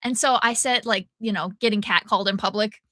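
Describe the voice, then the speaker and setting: A woman co-hosting a casual chat, telling an anecdote in animated bursts and acting out the people she quotes. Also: medium pitch, fairly quick, no room sound, clean studio sound. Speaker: podcast co-host.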